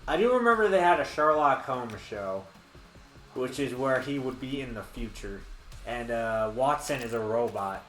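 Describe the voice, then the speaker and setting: A man's voice: mid-range voice, expressive, moderate pace, a bit bright. A man playing a co-op game with a friend, chatting in an offhand, laid-back way with casual swearing. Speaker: co-op player. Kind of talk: casual co-op gameplay commentary. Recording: echoey room, faint game music.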